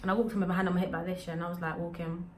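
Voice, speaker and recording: A young adult woman telling a storytime vlog in an animated, slangy way. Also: lowish voice, rapid-fire, slight background noise. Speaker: vlogger.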